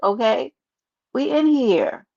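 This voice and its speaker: A woman's voice: sits high, lively intonation, slow, creaky, darkish tone. A woman with a New York accent hosting a casual livestream, chatting sassily and reading her chat aloud. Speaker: livestream host. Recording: dull lo-fi stream audio.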